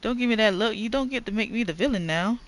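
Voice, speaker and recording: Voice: mid-range voice, fast, a bit bright, voice pushed up, close to an everyday voice. A gamer voicing a scolding old wife while reading game dialogue aloud, with an indignant, berating manner. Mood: defensive.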